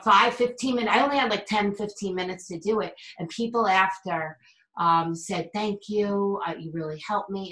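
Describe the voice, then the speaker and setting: A woman's voice: medium pitch, a bit bright. A woman, a guest on an interview show, telling a story casually and acting out the quotes, with many fillers and restarts. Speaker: guest, psychic medium and teacher. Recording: roomy echo.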